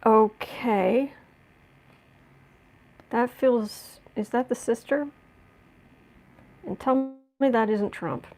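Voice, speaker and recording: A woman's voice: on the high side, extremely slow, pauses often, a little mellow, a little hiss or hum. A woman giving a casual tarot reading, musing aloud and often restarting or repeating words. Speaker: tarot reader.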